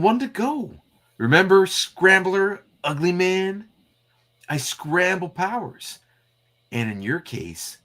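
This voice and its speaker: A man voicing a sneering male villain in a comic read-through, in a high, mocking sing-song. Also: fairly bright tone, full character voice. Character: sneering male villain with power-draining touch.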